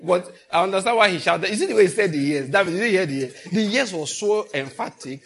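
An older preacher with a high voice talks fast, with few pauses, as he delivers a sermon. His animated storytelling includes questions called out to the congregation.

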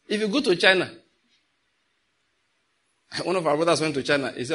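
Middle-aged pastor, slightly raised pitch, conversational sermon with questions to the congregation. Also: male voice, lively intonation, a little fast, pauses often, pushed and bright.

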